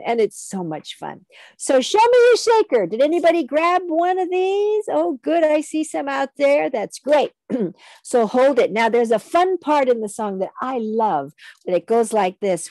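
Lively woman leading a kids' music lesson. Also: on the high side, moderate pace, no echo. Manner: animated, coaxing sing-along leader, call and response. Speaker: music teacher.

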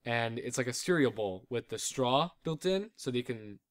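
A man's voice: medium pitch, animated, normal speed. Young man, mid-range voice, joking podcast cast member, meandering delivery. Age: young adult. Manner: rambling, joking storyteller. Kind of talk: casual chat, storytelling.

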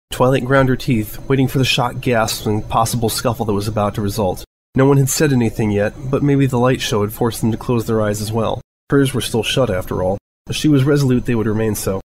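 A man narrating a fan story in a measured, steady reading voice. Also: mid-range voice, slight background noise, low-quality recording. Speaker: fanfiction reader.

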